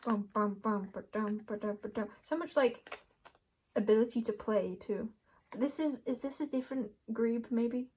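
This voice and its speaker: A young woman with a slightly high voice chats her way through a card reading at home. She rambles playfully, giggles often and follows her own tangents. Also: moderate pace, dark tone, a little hiss or hum. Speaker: tarot reader. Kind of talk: casual card reading chat.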